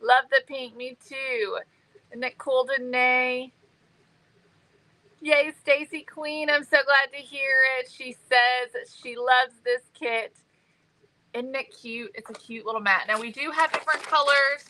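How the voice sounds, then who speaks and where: A woman's voice: high voice, fairly even intonation, unhurried, pushed and bright, rough recording. A woman hosting a craft live stream, bubbly and chatty, greeting viewers by name. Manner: bubbly and chatty, many ums. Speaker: livestream host.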